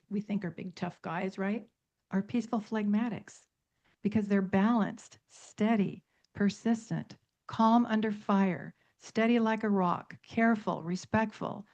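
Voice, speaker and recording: Middle-aged woman, radio guest author, emphatic storyteller who piles up lists, medium pitch, muffled lo-fi radio sound. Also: dark tone. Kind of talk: radio talk show discussion. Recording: dull lo-fi radio audio.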